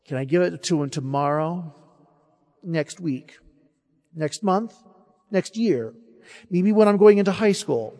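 A man putting on a small seven-year-old boy with a high, childlike voice, whining and bargaining to get his way. He is heard in a hall with a long, ringing reverb. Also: unhurried, pauses often, mellow. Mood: pleading. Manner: pleading, wheedling, childish.

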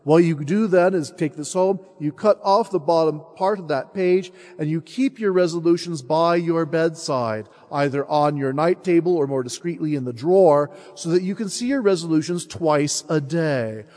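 A man with a high voice, preaching a sermon and telling a story in an animated way. His voice rings with a long reverb, as if from a large church. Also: moderate pace, few pauses. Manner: animated, acts out story characters. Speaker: preacher at a parish mission.

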